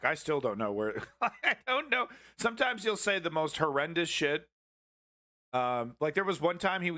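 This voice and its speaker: A man's voice: fairly high pitch, sharp tone. A man hosting a live show, talking casually and sarcastically over news clips in a rambling way. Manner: rambling, sarcastic, laughs often. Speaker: show host reacting to clips. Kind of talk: casual reaction commentary.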